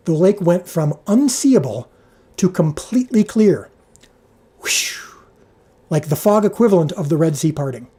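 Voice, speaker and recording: On a livestream, a show creator and director with a slightly high, husky voice tells a lively behind-the-scenes anecdote in a mellow, soft-edged tone. He stumbles, restarts often and leans on filler words, and his pitch jumps up whenever he quotes the crew.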